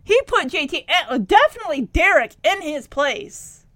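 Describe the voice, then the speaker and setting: A woman's voice: sits high, sing-song, normal speed, a bit bright, no echo. A woman giving a chatty, giggly recap and review of a TV episode, with frequent fillers.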